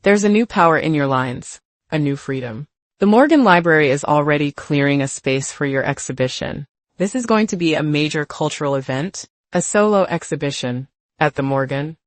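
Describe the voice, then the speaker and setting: A woman's voice: deep voice, lively intonation, moderate pace, no room sound. A woman reading as an admiring art curator. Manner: enthusiastic, praising.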